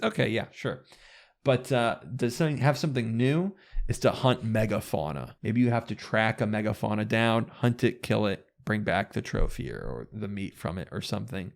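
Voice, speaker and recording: A man's voice: fairly low pitch, expressive, moderate pace, creaky. A man chatting casually as a guest on a gaming podcast, rambling and restarting his sentences with enthusiasm.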